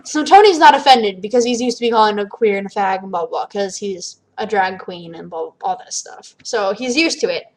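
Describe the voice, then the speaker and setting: A young woman vlogging, telling a funny story casually to camera, animated and given to loud bursts. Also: mid-range voice, fairly quick, hardly any pauses, rough recording. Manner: animated, bursts into loud shrieks when quoting.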